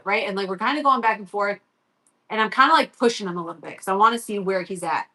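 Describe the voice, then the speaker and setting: A woman's voice: medium pitch, quick pace, pushed and bright. A middle-aged woman telling a long, rambling story on a live stream as a sports parent, swearing freely and quoting her son.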